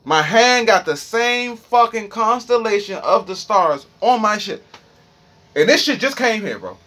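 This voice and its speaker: A man's voice: high-pitched, lively intonation, measured pace, sharp tone. A young man with a Washington, D.C. accent, rambling profanely and animatedly through a freestyle monologue. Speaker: streamer.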